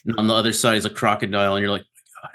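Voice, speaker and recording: A man's voice: on the low side, flat delivery, very fast, sharp tone. A man joking around playfully in a casual group chat.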